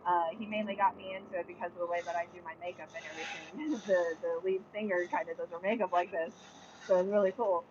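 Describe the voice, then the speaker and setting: A young adult woman vlogging and chatting casually to camera while reading viewer comments, blunt and heavily profane, flaring into loud angry rants. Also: lowish voice, steady tone, fast talker, crowd noise. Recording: dull lo-fi sound with faint noise.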